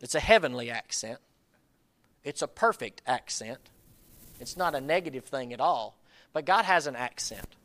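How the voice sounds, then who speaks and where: A man preaching a sermon in a conversational, rambling way, with sudden loud bursts. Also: mid-range voice, expressive, normal speed, long pauses.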